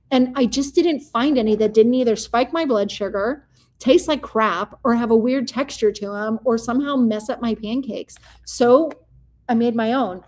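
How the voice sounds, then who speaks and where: A woman who founded a candy company, telling stories in a casual chat in an animated way with lots of fillers. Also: fairly high pitch.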